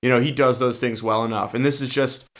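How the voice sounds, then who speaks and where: A man's voice: medium pitch, steady tone, quick pace. A man co-hosting a casual film review podcast, blunt and opinionated, often cutting in. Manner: blunt, opinionated, jumps in over others. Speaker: podcast co-host.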